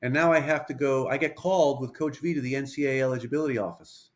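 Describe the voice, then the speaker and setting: Speaking quickly, this fifty-something pitching coach recounts an anecdote in an interview with plenty of liveliness. He performs pieces of the dialogue as he goes.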